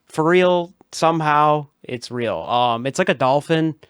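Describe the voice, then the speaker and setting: A man co-hosting a podcast, joking playfully and laughing in quick bursts during a casual late-night chat. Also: on the high side, fairly bright tone, clear, resonant tone, no echo, studio quality. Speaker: podcast co-host.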